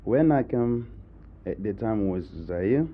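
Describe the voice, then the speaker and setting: A man in his thirties with a Congolese accent, telling his own story slowly and haltingly, with many pauses. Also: on the low side, expressive. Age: 30s. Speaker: interviewee. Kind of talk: personal account. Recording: tinny phone-like line, faint noise.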